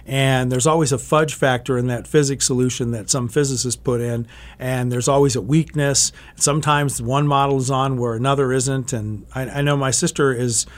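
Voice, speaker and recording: This middle-aged man, a TV meteorologist, tells rambling stories in a casual interview chat, frequently starting sentences over. He speaks at normal speed with medium pitch and fairly even intonation.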